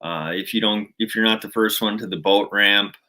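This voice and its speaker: A man's voice: fairly low pitch, steady tone, moderate pace, pushed and bright. A man from Minnesota with a Minnesotan accent, hosting a casual livestream chat and rambling along with many fillers and restarts. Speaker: channel host.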